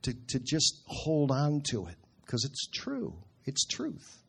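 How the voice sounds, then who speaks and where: A middle-aged man preaching in an earnest, conversational way, slowing down to quote scripture. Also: medium pitch, huge pitch swings, gravelly, husky. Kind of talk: sermon.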